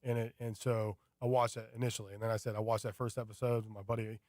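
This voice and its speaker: A man chatting casually on a radio show, telling a rambling, animated story with many fillers. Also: on the low side, fast talker, no room sound, clean studio sound. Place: radio studio.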